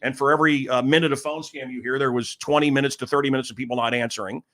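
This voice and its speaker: Middle-aged male podcast host, bright tone, rambling and animated, acts out quotes. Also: medium pitch, racing. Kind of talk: casual storytelling chat. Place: room in a house.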